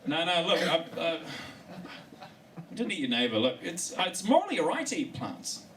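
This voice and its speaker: A male comedian telling a story in a live stand-up comedy set. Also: fairly high pitch. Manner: storytelling, animated delivery. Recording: distant mic with live room noise.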